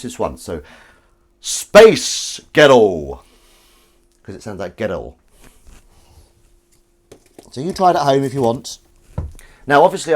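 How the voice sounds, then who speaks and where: An English man hosting a casual livestream, reading viewers' messages aloud and joking in a playful, rambling way. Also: mid-range voice. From England. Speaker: livestream host reading chat. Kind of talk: casual chat while washing up. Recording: dish clatter and noise behind. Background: clattering dishes and cutlery.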